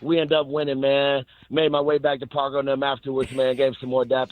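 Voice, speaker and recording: A man calling in to a sports radio show, telling an animated story full of laughs. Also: medium pitch, fast, few pauses, noisy background. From Chicago South Side. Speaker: caller. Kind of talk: excited phone call. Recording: tinny phone line.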